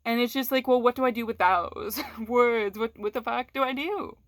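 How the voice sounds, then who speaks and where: A woman's voice: a little high, normal speed, dry recording. Woman vlogger, casual candid chat, swears freely, frequent restarts, dry close sound. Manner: frank and profane, restarts often, laughs between words. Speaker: vlogger talking to her audience.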